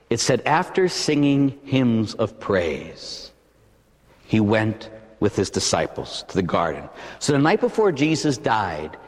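Dramatic preacher in a reverberant hall. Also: male voice, mid-range voice. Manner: dramatic, swings from hushed to shouting. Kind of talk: sermon. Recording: long reverb of a large hall.

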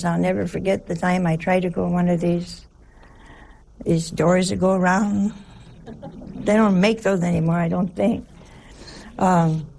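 A woman with a gravelly, creaky voice preaches a homespun sermon as a religious sister. She scolds with rhetorical questions and slips into warm, humorous family stories. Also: medium pitch, slight background noise. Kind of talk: folksy sermon with personal stories.

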